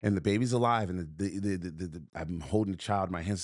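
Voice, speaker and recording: A man's voice: low voice, fast talker, hardly any pauses, no room sound, studio quality. A man telling a story on a podcast in an emphatic, punchy way, repeating phrases and restarting.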